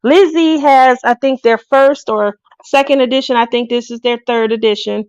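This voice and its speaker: A woman's voice: fairly high pitch, moderate pace, smooth, no echo. A woman hosting a craft video, chatting casually to her viewers and laughing often. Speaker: craft channel host.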